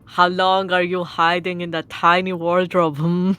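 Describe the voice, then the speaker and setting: A woman voicing a gruff male sailor with a put-on Russian accent, reading game dialogue in menacing, clipped broken English. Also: lowish voice, little pitch movement, a little slow, fairly bright tone, a little hiss or hum. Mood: threatening.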